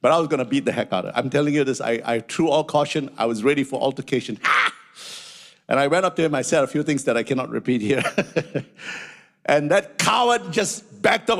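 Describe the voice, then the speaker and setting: A man preaching a sermon as pastor, animated and storytelling, dropping frequent hallelujahs. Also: medium pitch, fairly quick, creaky.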